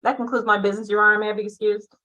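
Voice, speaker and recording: A woman's voice: medium pitch, flat delivery, very fast, bright, forceful tone. A woman defense attorney arguing for a bond in court, politely addressing the judge. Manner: polite, addresses the judge formally, laughs easily. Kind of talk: courtroom argument. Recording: muffled courtroom audio.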